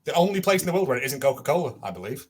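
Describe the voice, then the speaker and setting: A man's voice: fairly high pitch, very animated, very fast, breathy edge. A man co-hosting a casual podcast chat, talking easily and often laughing as he speaks. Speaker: podcast co-host.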